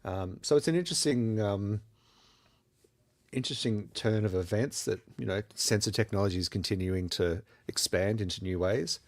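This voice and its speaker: A man's voice: lowish voice, normal speed. A man co-hosting a live photography podcast, chatting casually and rambling with lots of fillers. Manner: rambling, filler-heavy, thinks aloud. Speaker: podcast co-host. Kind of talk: casual chat. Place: studio during a live podcast.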